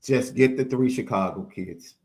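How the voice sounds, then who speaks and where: A medium-pitched man talks at normal speed while co-hosting a sports podcast. He speaks emphatically in lively sports discussion, repeating phrases for effect.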